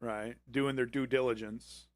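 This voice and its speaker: A man's voice: mid-range voice, steady tone, unhurried, no room sound. A man hosting a livestream, reacting to a political clip with angry, profanity-filled ranting. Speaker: livestream host.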